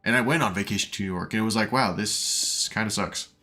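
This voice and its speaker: A man's voice: lowish voice, quick pace, bright, forceful tone, soft background music. A man streaming a game, rambling as he builds and reads chat aloud, his voice tired and sore after hours of talking. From United States. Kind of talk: casual live-stream chat while playing.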